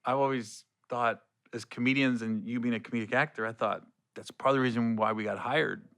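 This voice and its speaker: A man's voice: mid-range voice, a little fast, creaky, dry recording, studio quality. A middle-aged man hosting a podcast, telling stories with lots of laughter and acted-out quotes. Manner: animated storyteller, laughs often, acts out quotes. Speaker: podcast host. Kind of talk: casual chat.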